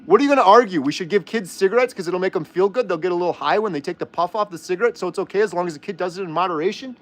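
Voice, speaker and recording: Reading viewer comments during a livestream, a man rants and argues heatedly, firing off rhetorical questions. His voice is high-pitched and racing.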